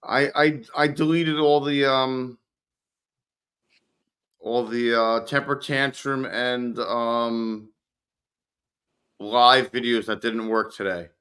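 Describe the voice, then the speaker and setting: Slow laid back guy, bright sharp voice, cusses casual on a live call. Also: medium pitch, steady tone, clear, resonant tone. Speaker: livestream guest. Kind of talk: casual chat on a group livestream.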